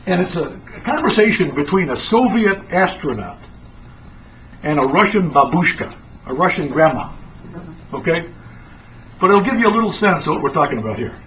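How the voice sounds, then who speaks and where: A lecturer with a voice high for a man tells stories animatedly and emphatically at normal speed, leaving long pauses. The lecture audio sounds muffled and distant, with faint noise.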